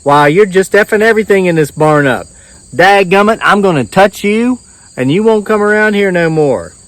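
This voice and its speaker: A man voicing an excitable old male farmer, a folksy know-it-all who talks in a rising, agitated drawl. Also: on the high side, fast talker, dry recording, natural voice. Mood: fussing.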